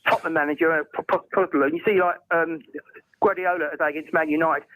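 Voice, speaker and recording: A man on a football podcast who talks quickly in a high voice, hesitating and restarting as he works out his opinions. The sound is close and dry. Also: fairly even intonation, a bit bright, dry recording, rough recording. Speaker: podcast co-host. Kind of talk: casual fan podcast chat.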